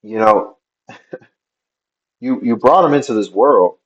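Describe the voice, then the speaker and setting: A man with a mid-range voice reacts to a video clip, speaking slowly in lo-fi sound. His commentary is skeptical and questioning, with a wry edge.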